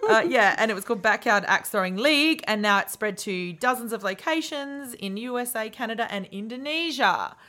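Bright, lively, joking woman host. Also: fairly high pitch. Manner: joking, teasing, quick asides. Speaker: podcast co-host. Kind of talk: casual chat.

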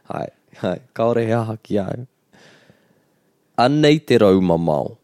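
A man co-hosting a language lesson, patiently explaining words and repeating them slowly. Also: on the low side, lively intonation, a little mellow, dry recording, studio quality. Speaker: language teacher and co-host. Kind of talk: bilingual language lesson chat.

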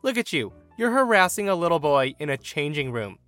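A man's voice: a little high, big pitch swings, a little fast, fairly bright tone, soft background music. A man reading a story voices an entitled, defensive mother who talks in a dismissive, indignant way, with a voice close to his own. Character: entitled defensive mother, middle-aged woman.

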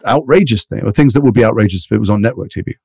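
Speaking with a lowish, creaky, slightly rough voice, an English actor originally from Liverpool chats as an interview guest. His delivery is fast, rambling and animated, his accent a mixed British blend with faint Liverpool and London hints. It's a dry, studio-quality recording.

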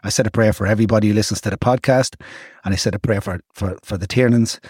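An older Irish man in a casual podcast chat, telling animated travel stories with bursts of laughter. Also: fairly low pitch, fast talker, slightly rough, no echo, studio quality. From Ireland. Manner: animated, laughing storyteller with broad enthusiasm. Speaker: podcast guest recounting travels.

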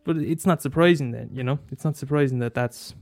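A man talking casually and passionately about films, swearing freely and jumping up into high exclaims. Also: a little fast, darkish tone, faint music behind. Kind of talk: casual film chat.

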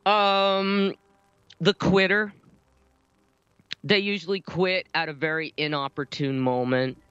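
A man's voice: high voice, fairly even intonation, slow pace, fairly bright tone, clear, resonant tone, dry recording, dull audio. A man talking casually as a podcast guest, telling rambling stories about playing in bands, with lots of fillers. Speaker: guest musician.

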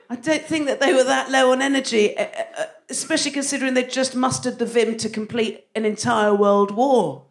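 A woman's voice: a little high, steady tone, moderate pace. A woman performing live stand-up comedy on a theatre stage, playful and self-mocking, often laughing through her lines. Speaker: comedian, co-host.

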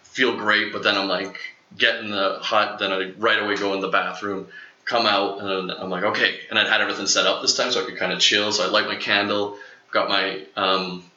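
A young man with a very bright, lowish voice recounts a long experience in casual conversation. He rambles, leans on fillers, and jumps into a higher voice when quoting people. The sound is roomy and a little dull. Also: fairly quick. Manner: rambling, animated, acts out quotes in a higher voice. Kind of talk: casual storytelling.

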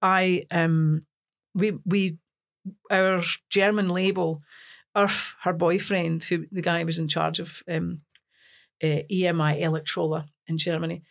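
A Scottish woman from Scotland, a singer as an interview guest, telling lively stories with laughs in casual chat. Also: fairly low pitch, unhurried, creaky. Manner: lively storytelling with laughs and acted-out quotes.

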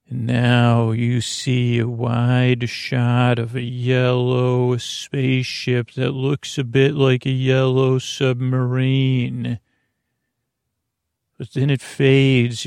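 A man with a creaky voice narrating a sleepy bedtime story in a slow, meandering, hesitant way, close to the mic. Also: mid-range voice, darkish tone, dry recording. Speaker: storyteller host.

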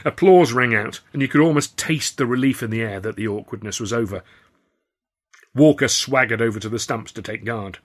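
A man's voice: mid-range voice, fairly quick. A man reading his own novel aloud in first person, with a dry, wry storytelling manner. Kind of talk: first-person audiobook narration.

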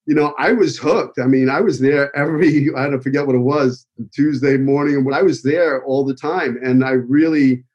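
A man's voice: medium pitch, a little mellow, dull audio. A man with a New York accent giving an emotional, rambling tribute speech full of fillers. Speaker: acting school owner giving a tribute speech. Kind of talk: heartfelt personal speech.

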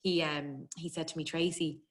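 A woman's voice: deep voice, flat delivery. An Irish woman chatting freely as a guest, telling a personal story with feeling and frequent laughs. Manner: chatty, emotional, quick to laugh.

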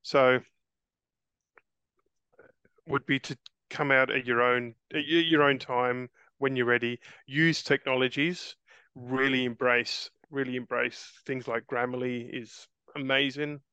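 A man's voice: medium pitch, fairly even intonation, unhurried, pushed and bright, clear, resonant tone, no room sound. A man in his forties, a guest in a casual interview, who talks earnestly, restarts and repeats words often, and calls the host mate. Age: 40s.

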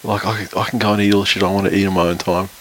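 A man's voice: deep voice, level tone, racing. A man chatting casually about football, rambling and swearing a lot and laughing often. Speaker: podcast co-host. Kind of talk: casual sports chat.

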